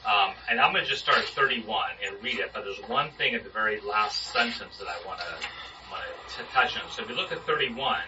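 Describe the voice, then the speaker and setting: A man's voice: on the low side, fairly quick, background noise. Man leading a Bible study. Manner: conversational, asks the group questions. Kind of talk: informal sermon discussion. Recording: muffled distant room recording.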